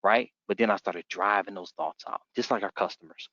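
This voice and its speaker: A middle-aged man runs a sales training session, telling stories from his own calls. He talks at an everyday pitch for a man. He acts out customers as he goes, and the sound is dull and close with no room around it. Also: moderate pace, few pauses, no room sound. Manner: animated storytelling, acts out customers in voices. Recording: dull, muffled dry recording.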